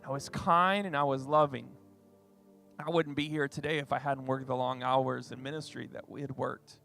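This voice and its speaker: A man's voice: medium pitch, steady tone, moderate pace, creaky, sharp tone, faint music behind. A pastor in his forties preaching a sermon in a conversational, chatty way. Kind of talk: sermon with personal story.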